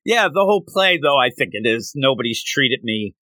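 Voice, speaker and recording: A man's voice: mid-range voice, very animated, moderate pace, pushed and bright, no echo. A man co-hosting a podcast, casually recapping a manga chapter and acting out the characters' lines in jumpy voices. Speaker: podcast co-host.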